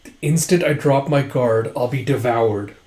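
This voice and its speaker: A man's voice: medium pitch, moderate pace, a little mellow, lightly acted. A man doing a grim wounded warrior. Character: grim male warrior, wounded but resolute. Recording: roomy echo.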